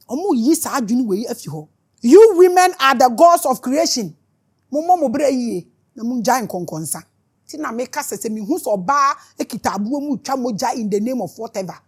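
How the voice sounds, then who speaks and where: A high-pitched, breathy female voice carries a Ghanaian accent through an impassioned spiritual lesson. The woman, a spiritual teacher, scolds fiercely while alternating between Twi and English.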